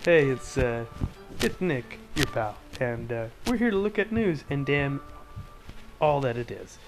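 A man's voice: medium pitch, big pitch swings, unhurried, rough recording. Male host, loose sarcastic rambler, thinks aloud with lots of restarts, faint music underneath. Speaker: podcast host. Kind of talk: casual rant about news.

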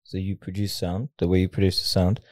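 A man's voice: low-pitched, monotone, a little fast, a little mellow. A young man co-hosting a reaction video, chatting casually and laughing as he explains things with lots of restarts.

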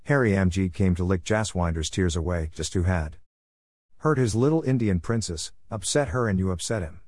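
A man's voice: sits low, moderate pace, a little mellow, no echo, studio quality. A man reading a comic story aloud as narrator, playfully voicing the characters' lines.

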